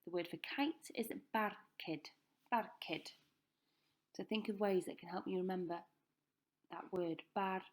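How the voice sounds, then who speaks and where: A woman teaching a recorded language lesson, saying each word slowly and clearly for pupils to repeat. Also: lowish voice, fairly even intonation. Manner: slow, careful pronunciation drills. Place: school.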